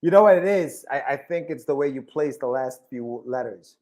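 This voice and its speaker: A man hosting a podcast, chatting casually in excitable, playful banter full of slang. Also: medium pitch, moderate pace. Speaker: podcast host. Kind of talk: casual chat.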